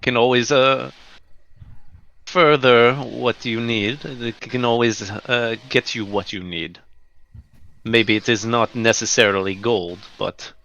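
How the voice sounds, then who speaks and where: A man speaking as a tabletop player, hesitant with many pauses. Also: mid-range voice, fairly even intonation, gravelly, sharp tone, lo-fi sound.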